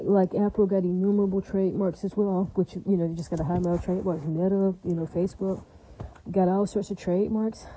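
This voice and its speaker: A woman's voice: medium pitch, warm tone, slightly rough, poor audio. A woman delivering a rambling, emphatic and profane monologue, repeating herself often.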